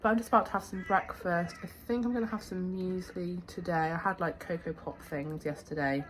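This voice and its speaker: A young woman talks to her camera in a loose, chatty way, scattering fillers as she goes. Her voice sits on the low side and has turned hoarse. Her delivery is relaxed and everyday. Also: fairly quick, a little hiss or hum. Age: young adult. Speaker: vlogger. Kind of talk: casual vlog chat.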